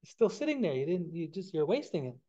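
Man doing nosy high-voiced camas-cooking women. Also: very animated, fast, dark tone, dull audio. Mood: insistent.

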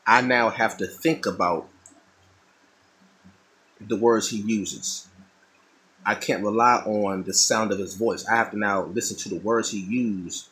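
A man's voice: lowish voice, a little slow, pauses often, fairly bright tone, poor audio. A middle-aged man talking casually and thoughtfully, often repeating and restarting his phrases. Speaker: artist talking while drawing. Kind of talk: casual monologue.

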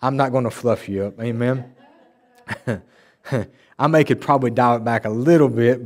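A male pastor delivering an emphatic, animated sermon in a church and acting out the people he quotes. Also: medium pitch. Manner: emphatic, animated preaching with mocking quoted voices. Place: church sanctuary.

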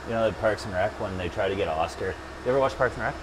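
A man's voice: fairly low pitch, very fast, background noise. A man presenting a hands-on storage build in a lab, talking casually and joking between steps with rambling asides. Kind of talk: casual hands-on tech demo. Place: server lab.

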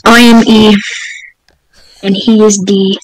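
A man's voice: high voice, level tone, slow pace, background noise. A male podcast co-host chatting casually, joking around and rambling. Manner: goofy, joking, rambling with lots of "bro" and "like". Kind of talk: casual chat.

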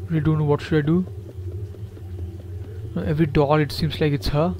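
A man's voice: fairly high pitch, level tone, a little fast, pauses often, dark tone, slight background noise. Jittery man nervously narrating a horror game. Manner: jittery, repeats himself, talks to viewers. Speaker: gameplay commentator.

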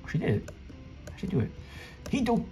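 A man commenting casually on his gameplay, excitable and flustered, often talking to the other players. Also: sits high, moderate pace, low-quality recording. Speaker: gameplay streamer. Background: faint game music.

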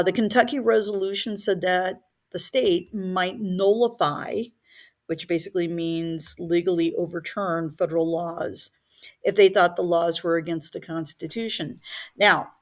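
Chatty woman teaching, lower voice. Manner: conversational, lots of fillers. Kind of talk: recorded history lecture.

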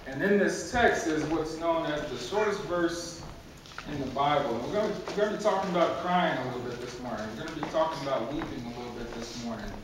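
A man's voice: a little high, fast talker, noisy background. A man preaching a conversational sermon with humor, repeating words and chuckling at his own jokes, in a church. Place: church sanctuary. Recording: very echoey hall from far off.

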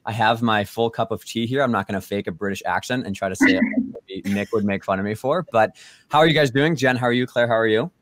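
A man's voice: on the low side, fast. A man hosting a podcast over a video call, upbeat and chatty, laughing often and filling with "like" and "um". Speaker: podcast host. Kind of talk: casual podcast interview.

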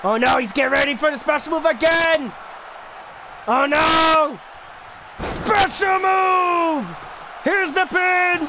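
A man giving excited play-by-play commentary on a wrestling video game match, often shouting and exclaiming. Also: very high voice, takes it slowly, pauses often, a loud crowd. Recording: noticeable background noise.

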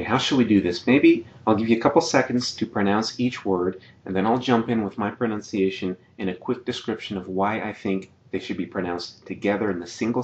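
A man teaching a slide-based video lesson, patiently explaining and repeating each example word slowly. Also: fairly low pitch, lo-fi sound. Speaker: Spanish teacher.

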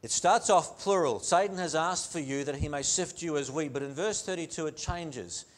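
A man's voice: on the high side, moderate pace. A male pastor preaching a sermon in a church, earnest, with repeated phrases and rhetorical questions. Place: church sanctuary.

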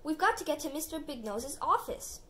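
A woman's voice: high-pitched, sing-song, a little fast, bright, forceful tone, pitched above the performer's own voice, full character voice. A woman reading a storybook aloud, voicing a serious, exasperated detective man in a firm, emphatic voice.

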